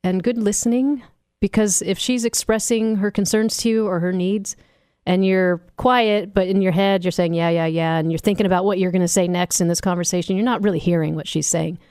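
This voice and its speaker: A woman's voice: fairly low pitch, steady tone, fairly quick, a little mellow, clear, resonant tone, dry recording, studio quality. Frank woman guest on talk radio. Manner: frank, laughing, easygoing. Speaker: sex educator guest. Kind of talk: radio interview chat. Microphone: studio mic.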